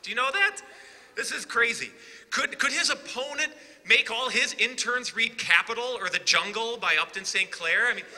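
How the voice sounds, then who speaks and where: A man giving an impassioned political rally speech, rising to shouted emphasis with sarcastic asides. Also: very high-pitched, normal speed, a little hiss or hum. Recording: long reverb of a large hall.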